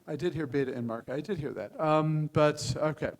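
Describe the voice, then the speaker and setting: An older man coaches a founder on his pitch in a frank, joking way, stopping and restarting his sentences. His voice sits fairly high for a man. It is recorded in a hall with a long echo. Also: brisk. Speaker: venture capitalist giving pitch feedback. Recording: hall reverb.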